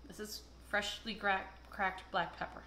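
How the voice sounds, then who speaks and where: A woman with a mid-range voice and fairly even intonation hosts a casual cooking video at a measured pace. She chats and tells rambling stories full of fillers as she works. Her echoey kitchen is loud with clattering dishes and heavy background noise.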